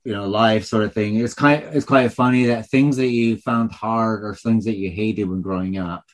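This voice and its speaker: A man with a fairly low voice talks reflectively in a casual podcast conversation. He rambles a little and leans on filler phrases as he works through his thoughts. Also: fairly even intonation, moderate pace. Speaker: podcast co-host.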